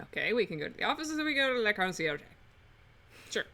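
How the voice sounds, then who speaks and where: A woman's voice: medium pitch, big pitch swings, fast, pushed and bright. A woman streaming a video game, reading its characters aloud with a playful put-on drawl and frequent giggles. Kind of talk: let's-play game reading with Southern-accented voices.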